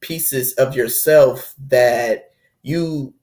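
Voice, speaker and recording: Young man, casual talk, average pitch, conversational, slips into acted inner voices. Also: drawn-out words, a little mellow. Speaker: spiritual video host. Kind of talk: casual spoken talk on heartbreak.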